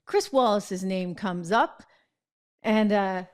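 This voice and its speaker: A woman's voice: medium pitch, slow. A middle-aged woman host chatting and telling a story in casual commentary. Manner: chatty storytelling with fillers and laughs.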